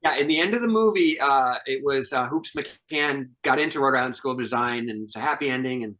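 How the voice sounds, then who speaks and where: An older man, a guest filmmaker, chatting casually and telling animated behind-the-scenes stories with restarts and laughs. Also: medium pitch, brisk, a little hiss or hum, low-quality recording. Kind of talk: casual chat.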